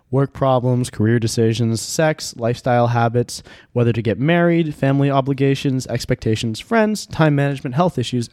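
A man leads a tabletop role-playing session and reads its rules aloud. He sounds measured and steady, at a middle pitch. The recording is close and dry. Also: no echo. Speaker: game master. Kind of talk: reading rules in a tabletop game.

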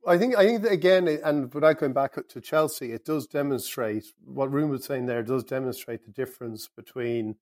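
A man's voice: mid-range voice, normal speed, few pauses, darkish tone, dry recording, studio quality. A man on a football podcast, talking in a thoughtful, analytical way. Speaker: podcast pundit. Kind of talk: casual football discussion.

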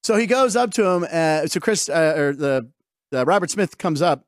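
A man with a voice on the high side hosts a casual talk show, telling stories and acting out the people in them as an animated storyteller who performs the quotes. He speaks at normal speed, and the studio-quality recording has no room sound.

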